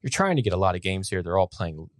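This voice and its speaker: A man co-hosting a casual podcast, relaxed, reading out bits from articles and notes. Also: deep voice, fast talker, no room sound, studio quality. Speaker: podcast co-host. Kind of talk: casual chat.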